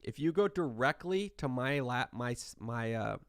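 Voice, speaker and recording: A man records an online class lecture in a relaxed, conversational way, often restarting his sentences and checking in with his students. His voice has a gravelly, fry-laden edge. The sound is dry and close, with no room around it. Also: medium pitch, moderate pace, no room sound. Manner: conversational, tag questions, frequent restarts. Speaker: statistics instructor.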